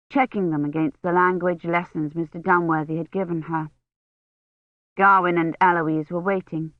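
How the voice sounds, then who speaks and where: A woman narrates a novel for an audiobook, reading her script in a measured, even manner. Her voice is on the low side, and the recording sounds dull and dry.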